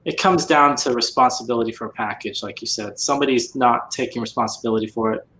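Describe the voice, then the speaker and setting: A man with a bright, forceful tone talks things over at a measured pace, often restarting his sentences. His voice rings in an echoey room. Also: medium pitch, a little hiss or hum. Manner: measured, thoughtful, halting restarts. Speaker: podcast host. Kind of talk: casual chat.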